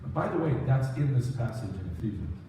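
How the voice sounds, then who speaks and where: A man giving a conversational sermon as a rabbi, self-deprecating and animated, telling stories with quoted asides. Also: mid-range voice, fast, a little hiss or hum. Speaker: rabbi teaching a congregation. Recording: echoey hall from far off.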